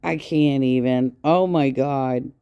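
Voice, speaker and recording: Scornful woman mocking, slow and low. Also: dark tone, clear, resonant tone. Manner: scornful, sarcastic, swears constantly. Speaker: reaction commentator. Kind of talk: profane mocking commentary.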